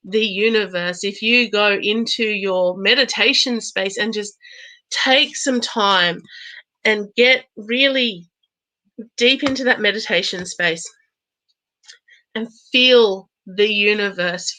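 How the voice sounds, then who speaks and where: A woman in her thirties chats with her viewers during a live oracle card reading. Her voice is bright and forward, bubbly and quick to laugh. She turns gentle and coaching when she guides listeners through affirmations. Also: mid-range voice, low-quality recording. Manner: bubbly, chatty, laughs often. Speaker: oracle card reader hosting a live stream. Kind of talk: live-stream chat with viewers.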